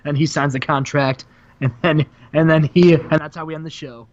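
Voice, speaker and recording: A man's voice: steady tone, normal speed, a bit bright, lo-fi sound. A man co-hosting a gaming show, telling a wrestling story and acting out the quotes in character. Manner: acts out characters with big pitch jumps. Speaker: co-host booking a wrestling sim. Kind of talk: animated storytelling with acted quotes.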